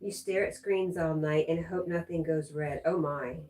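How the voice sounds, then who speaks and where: A woman's voice: low-pitched, fairly even intonation, normal speed, warm tone. A middle-aged woman hosting a casual livestream, chatting and answering viewer comments with giggly asides. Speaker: livestream host.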